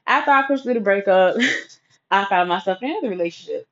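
A woman's voice: medium pitch, lively intonation, fast, a bit bright. A woman casually telling a personal story, chatty and profane, with asides to her listeners. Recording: dull lo-fi recording.

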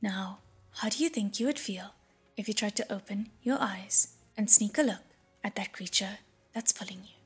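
A breathy-voiced woman voicing a patient young male prince who speaks softly and soothingly, in an audiobook. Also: high voice, moderate pace, faint music behind, heavily acted. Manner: soft and soothing.

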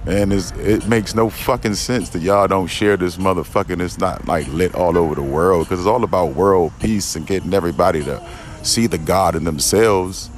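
A man's voice: low voice, moderate pace, a little hiss or hum. A man giving a rambling spiritual monologue outdoors in a garden, profane and emphatic, often restarting and repeating himself. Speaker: podcast host.

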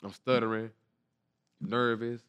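A man, telling a story as an interview guest in a lively, slangy way and acting out the quotes. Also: medium pitch, smooth, no echo. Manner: animated, quick storytelling with slang and repeated quotes. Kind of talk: casual storytelling.

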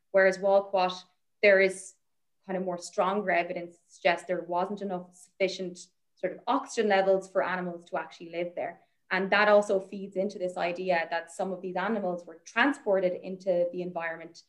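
Chatty woman telling a fieldwork story. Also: fairly low pitch. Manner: chatty and enthusiastic, with frequent fillers and hedges. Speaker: interview guest, fossil researcher. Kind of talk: conversational storytelling.

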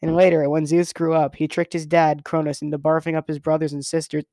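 A man narrating a novel in a loose, casual first-person manner, now and then tripping over a word. His voice is a little high with a gravelly rasp. It is recorded close and dry, with no room around it. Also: level tone, brisk, warm tone, no echo. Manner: casual first-person storytelling, occasional stumbles. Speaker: reader. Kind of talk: reading a novel aloud as narrator.

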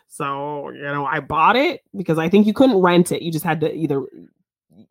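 A woman's voice: sits low, very animated, normal speed, a bit bright, no echo, studio quality. A woman co-hosting a casual film review podcast. She laughs often and talks with many fillers. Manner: giggly, lots of fillers. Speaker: podcast co-host.

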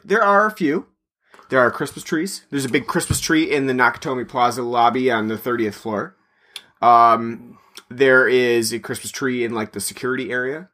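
A man's voice: mid-range voice, fairly bright tone. A man co-hosting a podcast, talking casually in a chatty, meandering way. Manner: chatty and meandering, plugs the show. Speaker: podcast co-host.

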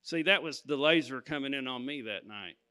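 A man's voice: mid-range voice, expressive, fairly quick, bright, forceful tone, clean tone. A man preaching, telling a personal story to his congregation and stopping to ask "Amen?". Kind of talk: sermon testimony.

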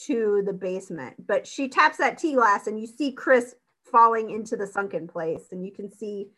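A woman's voice: mid-range voice, expressive, normal speed, sharp tone. A woman in casual chat, animatedly retelling a film scene and acting out the characters' lines.

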